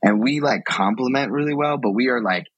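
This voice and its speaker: A man talking as a podcast guest in casual conversation, animated, acting out quoted exchanges and laughing often. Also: medium pitch, brisk, husky, no echo, highs cut off.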